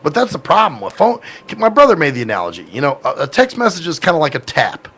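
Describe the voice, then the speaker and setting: Male podcast host, gravelly, rambling and profane, casual tone. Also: fairly high pitch, huge pitch swings, quick pace, a bit bright. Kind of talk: casual chat.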